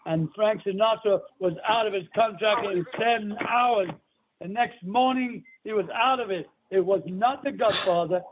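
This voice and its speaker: A man's voice: sits high, a little slow. A man telling crude stories and bossing the others around on a call-in show, swearing freely. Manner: profane, storytelling, bossy. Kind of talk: crude casual call-in banter. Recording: tinny phone line with faint hiss.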